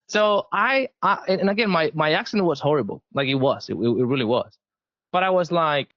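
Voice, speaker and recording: Spanish-accented man, emphatic, higher voice. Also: animated, a little fast, fairly bright tone, no echo, highs cut off. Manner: emphatic, repeats words when restarting. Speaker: sales guest. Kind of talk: casual interview.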